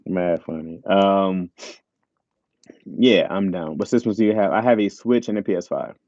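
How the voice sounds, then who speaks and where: A man's voice: deep voice, a little slow, long pauses, darkish tone, no room sound, highs cut off. A man hosting a casual livestream, reading chat aloud and laughing often, talking into a tablet mic. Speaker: livestream host. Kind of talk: casual live chat with viewers. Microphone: tablet mic with earbuds.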